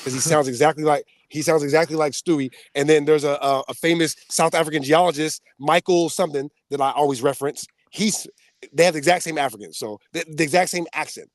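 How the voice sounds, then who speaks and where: Man, casual podcast chat, fairly high voice, dry close sound, animated storytelling, quick laughs. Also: no room sound. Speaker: podcast co-host.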